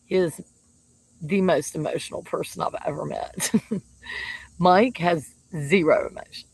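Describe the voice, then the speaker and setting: Gravelly, husky woman talking casually. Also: on the low side, darkish tone, rough recording. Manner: chatty, laughs often, many fillers. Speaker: shaman. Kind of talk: casual monologue to camera.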